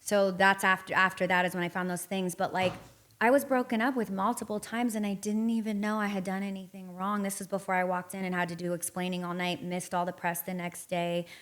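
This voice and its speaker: A woman's voice: medium pitch, fairly even intonation, a little fast, a bit bright. Candid female podcast guest, blunt and salty, tells stories by acting out old conversations. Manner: frank and profane, reenacting past conversations. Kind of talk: candid interview storytelling.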